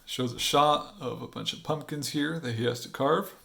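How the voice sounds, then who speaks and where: A man chatting in a casual vlog, excitable and quick to restart his sentences, with some swearing. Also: medium pitch, creaky, slightly rough. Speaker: comic artist vlogger. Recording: faint guitar music behind.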